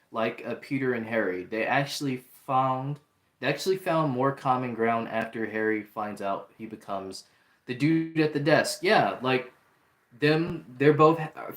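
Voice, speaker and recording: A man talks through a show review in a loose, chatty way, full of fillers and restarts. His pitch sits in the middle. The room around him gives a noticeable echo. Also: a bit bright. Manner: chatty, many fillers and restarts, acts out quotes. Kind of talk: casual review talk. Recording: roomy echo.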